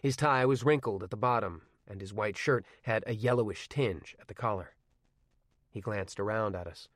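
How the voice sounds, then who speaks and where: A man narrating a novel in first person with measured, wry storytelling. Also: fairly low pitch, dry recording, studio quality. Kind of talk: audiobook narration.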